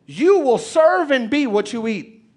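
Male pastor, high-pitched, energetic sermon delivery with call-outs to the congregation. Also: unhurried. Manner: animated preacher, calls out to congregation.

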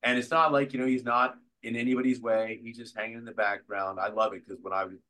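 A man, an actor, telling behind-the-scenes stories in a casual interview, animated and often restarting his sentences. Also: medium pitch, fast. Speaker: actor guest.

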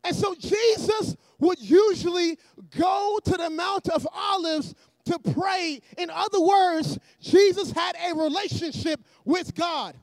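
A man preaching a sermon in a church, energetic and often shouting, with joking asides to the congregation. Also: very high voice, slow pace, few pauses, no echo.

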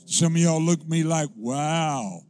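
A pastor telling a folksy, humorous testimony that rises into fervent preaching. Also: male voice, fairly high pitch, measured pace, a little mellow. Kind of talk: storytelling sermon.

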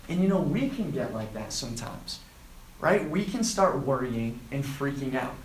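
A man preaching to students, retelling a scripture story and acting out the quoted lines with lively emphasis. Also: fairly high pitch, normal speed, roomy sound, poor audio. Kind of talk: sermon to a student group.

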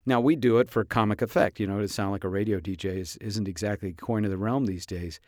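A man hosting a podcast about voice acting, talking casually with playful, expressive comic storytelling. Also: fairly low pitch, fast, hardly any pauses, no room sound, clean studio sound. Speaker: podcast host and voice actor.

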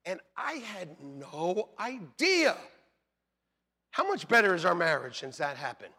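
A man preaching a sermon, loud and animated, telling jokey stories about his marriage and calling out for amens from the congregation. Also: sits high, a little slow, breathy edge. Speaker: pastor. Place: church sanctuary.

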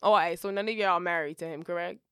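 A woman's voice: fairly low pitch, fairly even intonation, fast, sharp tone, clear, resonant tone, no room sound, studio quality. A young woman co-hosting a podcast, telling stories in casual slang and laughing often. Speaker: podcast co-host. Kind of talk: casual chat.

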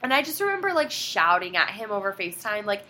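Young woman, casual chat, lively swooping delivery, bright tone, acts out quotes. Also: mid-range voice, quick pace. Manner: animated storytelling, quotes others dramatically. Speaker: guest telling a story.

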